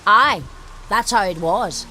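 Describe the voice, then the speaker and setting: A shaken village survivor. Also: female voice, medium pitch, takes it slowly, pushed and bright, slight background noise. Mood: haunted. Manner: plain-spoken, haunted. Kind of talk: video game dialogue.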